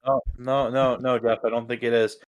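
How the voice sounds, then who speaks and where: A man's voice: medium pitch, little pitch movement, normal speed. A man co-hosting a podcast in casual chat, talking things through and often repeating words as he thinks. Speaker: podcast co-host.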